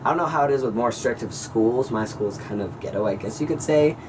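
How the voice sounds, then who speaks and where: A teenage male high school senior telling a rambling, excitable story in a casual vlog, full of "like" and "you guys.". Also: fast talker, far from the mic, background noise. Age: teens. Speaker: vlogger.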